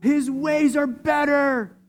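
A high-voiced male pastor leads a sermon and prayer in a steady tone, with faint music beneath him. He shifts from hushed, intimate prayer to loud, drawn-out, impassioned declarations.

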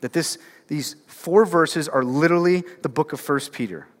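This man's sermon is casual and chatty, full of fillers and pointed rhetorical questions for the congregation. He's a pastor with a slightly high voice at a moderate pace, recorded in a church sanctuary with long hall reverb.

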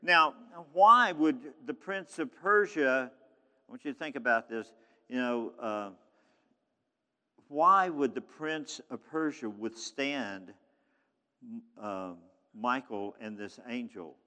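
Man, preacher, bright forceful voice, fervent sermon, echoing church hall. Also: mid-range voice, slow. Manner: fervent, emphatic preaching with restarts. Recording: long hall reverb.

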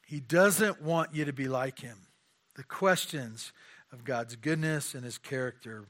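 A man's voice: medium pitch, measured pace, a bit bright. A man preaching a conversational sermon, asking rhetorical questions and often repeating his words.

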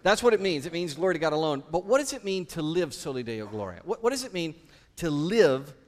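A man's voice: on the high side, sing-song, a little fast. A man preaching a sermon in a church, asking his congregation one question after another. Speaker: pastor.

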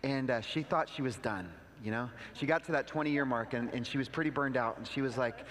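A man's voice: mid-range voice, a little fast, a bit bright, long reverb tail. A man pastor delivering a conversational sermon, telling stories with quoted asides and leading a prayer. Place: church sanctuary.

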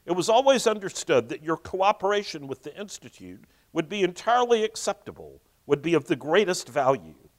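A man's voice: on the high side, very animated, a little fast, few pauses, pitched above the performer's own voice. A man reading aloud, voicing an evasive elderly male official who rambles in wordy, noncommittal sentences. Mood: smooth.

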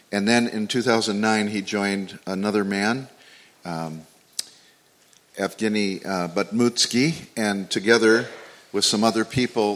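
A man introducing a guest pastor to his church in a relaxed, informal way with many pauses and fillers. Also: fairly low pitch. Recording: long hall reverb.

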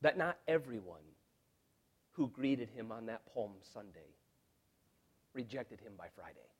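A man's voice: medium pitch, big pitch swings, a little slow, breathy edge. A man preaching an expository sermon in an earnest, emphatic way, often repeating words as he restarts. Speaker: pastor.

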